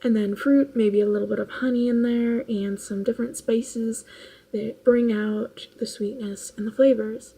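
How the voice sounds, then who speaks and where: A tired woman rambles through a casual vlog chat, laughing often as she goes. Her voice sits a touch high but has a mellow, dark color. It carries a gravelly, husky edge. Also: fairly even intonation, moderate pace, rough recording. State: tired late at night. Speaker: vlogger.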